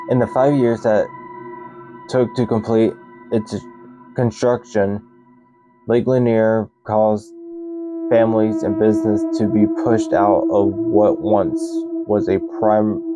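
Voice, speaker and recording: A young man talks slowly in a lowish voice, stumbling and restarting as he reads, with loud music under him the whole time. He sounds casual and unscripted, often stopping to react to what he has just said. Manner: halting, stumbles and restarts, repeats "that's insane". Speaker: channel host. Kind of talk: casual unscripted storytelling and reading aloud.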